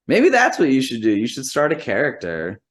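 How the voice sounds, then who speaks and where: A man's voice: medium pitch, huge pitch swings, brisk. A man, a musician and comedian, telling a long anecdote in casual, rambling speech full of fillers and swearing, quoting the people in it. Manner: profane, rambling, lots of "like" fillers; quotes people in rough imitation while storytelling.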